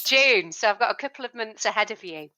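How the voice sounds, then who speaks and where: A woman hosting an interview series, enthusiastic and quick to chime in. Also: a little high, animated, pushed and bright, low-quality recording. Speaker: interview host. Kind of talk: podcast interview.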